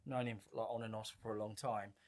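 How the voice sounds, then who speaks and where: A man's voice: lowish voice, fairly even intonation, brisk. A man in his fifties, a guest on a podcast, telling stories in a rambling, laid-back way with swearing and restarts. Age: 50s. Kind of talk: casual podcast chat.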